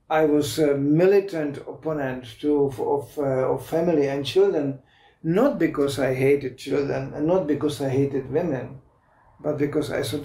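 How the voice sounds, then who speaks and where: Man lecturing with a mellow, roomy echo. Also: fairly high pitch, distant mic. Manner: storytelling, laughs often, halting restarts. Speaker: spiritual lecturer. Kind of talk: anecdotal spiritual lecture. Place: club lecture room.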